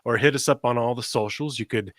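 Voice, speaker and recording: A man's voice: medium pitch, fast, fairly bright tone, no echo, studio quality. A man in his forties co-hosting a casual podcast, rambling and laughing often as he tells a story. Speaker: podcast co-host.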